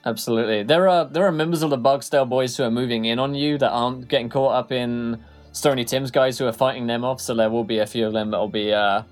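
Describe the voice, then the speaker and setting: A man's voice: medium pitch, fairly even intonation, quick pace, soft background music. A man narrating a tabletop game as game master, rambling with many fillers.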